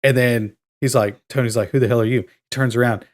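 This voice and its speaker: A man in his thirties, co-hosting a podcast, telling a story in casual chat with excited, acted-out quotes. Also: mid-range voice, quick pace. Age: 30s. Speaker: podcast co-host.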